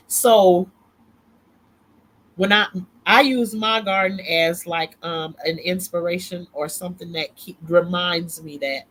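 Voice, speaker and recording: Bright-voiced chatty woman vlogger. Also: fairly low pitch, takes it slowly, pauses often. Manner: chatty, rambling, laughs often. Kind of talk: casual talk to camera.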